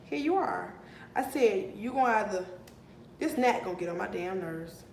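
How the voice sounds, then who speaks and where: A young woman telling a heated storytime vlog, animated and profane, recorded in an echoey room with a faint rumble. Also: normal speed. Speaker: vlogger.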